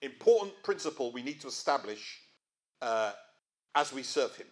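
A man's voice: mid-range voice, very animated, normal speed. A middle-aged man, preaching a sermon in a conversational way and asking his listeners questions. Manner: conversational, asks the audience rhetorical questions.

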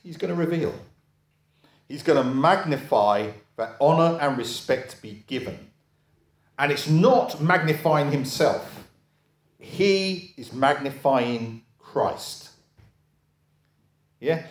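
A man's voice: fairly high pitch, animated, slow pace, long pauses. A man preaching a sermon in a conversational way, often checking in with his listeners. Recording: echoey room.

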